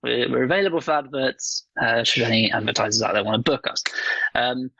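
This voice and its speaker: Blunt, gravelly-voiced man on a podcast. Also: medium pitch, a little fast, sharp tone, no room sound, highs cut off. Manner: blunt, swears freely, acts out voices while joking. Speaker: podcast co-host. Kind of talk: casual chat.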